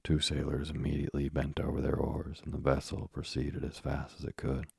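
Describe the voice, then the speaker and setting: A man narrating an audiobook in a measured, steady manner. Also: extremely low pitch, gravelly, husky, dry recording, clean studio sound.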